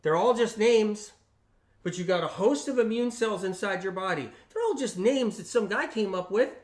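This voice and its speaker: A man with a notably high voice talks on a casual livestream. He speaks emphatically and repeats his points, often checking in with tag questions. He slips into lively voices when quoting friends. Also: brisk. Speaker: health channel host on a livestream.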